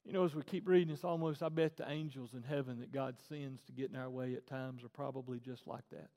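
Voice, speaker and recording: A pastor, preaching a sermon in a conversational, animated way and repeating phrases for emphasis. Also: male voice, mid-range voice, fast. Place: church auditorium stage. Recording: long reverb in a large hall.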